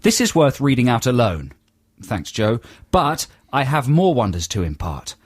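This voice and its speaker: A man's voice: mid-range voice, huge pitch swings, normal speed, dry recording. Wry male radio host reading listener emails. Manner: dry, wry, reads emails aloud with asides. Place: radio studio.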